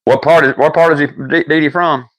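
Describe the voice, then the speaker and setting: An older man with a Deep South accent, hosting a livestream and chatting casually with viewers in a folksy, rambling way. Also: steady tone, a little fast, a bit bright, no echo. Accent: Deep South American. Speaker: livestream host.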